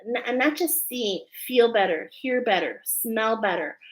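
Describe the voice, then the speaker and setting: A woman's voice: fairly high pitch, animated, measured pace, rough recording. A woman giving an oracle card reading. She speaks earnestly and effusively and keeps checking in with a questioning "okay?". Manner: emotional, effusive. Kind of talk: spiritual channeled reading.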